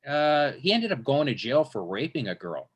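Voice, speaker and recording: A man's voice: medium pitch, sing-song, normal speed, husky. Rambling, casual male comic host. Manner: rambling, full of "you know" and restarts, swears freely. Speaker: interview host and stand-up comedian. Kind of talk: casual storytelling in an interview.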